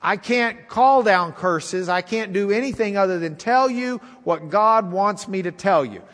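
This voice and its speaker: A man's voice: sits high, a little slow, fairly bright tone, in a large hall. A man voicing a boastful, defensive male diviner in a retold story during a sermon. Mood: protesting. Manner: pompous, protesting.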